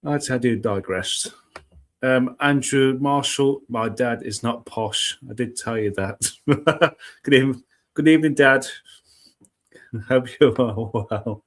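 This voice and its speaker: A man's voice: mid-range voice, slow pace. Chatty man hosting a weather stream. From United Kingdom. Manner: chatty, self-mocking, greets viewers one by one. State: just over a cold. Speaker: host of a weather live stream. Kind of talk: casual live-stream chat. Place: home room with cats and laptop. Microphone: laptop live stream.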